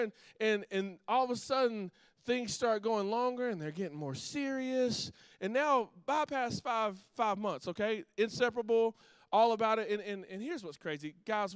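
A middle-aged man preaching a sermon as pastor, telling a story with lively restarts and asides to the congregation. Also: high voice, smooth, no room sound.

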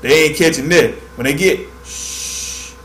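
A man's voice: on the high side, animated, moderate pace, fairly bright tone, roomy sound, a little hiss or hum, rough recording. A man hosting a fishing livestream, talking in a laid-back, drawling way and dropping "man" into nearly every sentence. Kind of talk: casual livestream tutorial.

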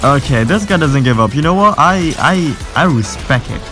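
Excitable young man yelling over gameplay. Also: on the high side, moderate pace. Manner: excitable, swearing, trash-talking. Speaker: gaming video creator. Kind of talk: gameplay commentary. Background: game music.

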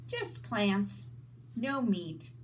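A woman's voice: medium pitch, big pitch swings, extremely slow, a little hiss or hum. A woman reading aloud and voicing a cautious, bookish boy who talks in a dry, matter-of-fact way.

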